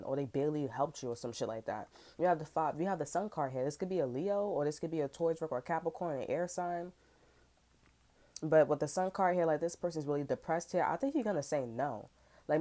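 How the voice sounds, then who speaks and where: Woman, tarot reader, low voice, mellow tone, rambling casual talk, young adult. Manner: rambling, filler-heavy, frank and profane. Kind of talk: casual tarot reading to camera.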